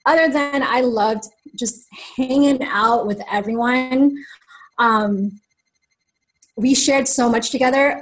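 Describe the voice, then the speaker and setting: A woman with a high voice shares casually with a group. She giggles often and keeps her words quick and light. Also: poor audio.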